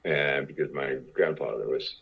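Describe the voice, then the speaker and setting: A man's voice: very deep voice, normal speed, gravelly, husky. A man in his sixties telling long stories as a guest in a casual interview, often restarting and repeating words. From Cuba. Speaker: actor guest. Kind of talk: conversational storytelling. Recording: dull lo-fi podcast audio.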